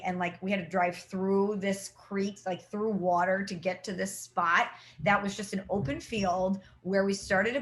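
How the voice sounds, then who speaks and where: A woman's voice: medium pitch, a little hiss or hum. A young woman from the Midwest, co-hosting a podcast and telling stories in a casual chat, acting out what people said. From St. Louis, Midwest US. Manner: animated storytelling with acted-out quotes. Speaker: podcast co-host.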